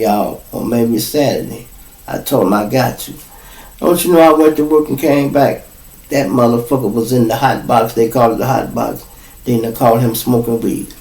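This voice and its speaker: A man with a Chicago accent spins a profane, animated street story, calling his listeners y'all. His voice sits mid-range. He sounds set back from the mic in an echoey room. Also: medium pitch, creaky, recorded from a distance. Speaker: podcast host.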